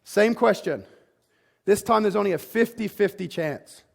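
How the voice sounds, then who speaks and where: A man delivers a motivational conference talk in a slightly high, gravelly voice. He speaks with emphatic punch and peppers his speech with "like" and restarts. He sounds like he's addressing a live room. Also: measured pace. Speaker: fitness business speaker.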